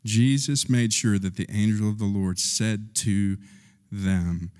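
A male pastor delivers a sermon at an unhurried pace, slipping into the voices of the people he describes. His voice rings with the long reverb of a large hall. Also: clean tone. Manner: animated, acts out quotes with rising pitch.

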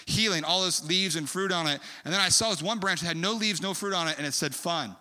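Preacher man, bright forceful voice, rambling story sermon, echoing hall. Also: high voice, quick pace. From California. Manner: animated, rambling storyteller with many fillers. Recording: long hall reverb.

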